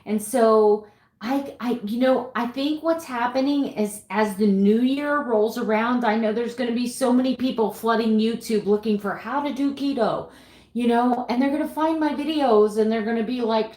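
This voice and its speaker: This middle-aged woman, a little high-voiced and speaking at normal speed, livestreams from an echoey room. She reads messages from viewers earnestly and emotionally, greeting them warmly amid frequent sighs and fillers.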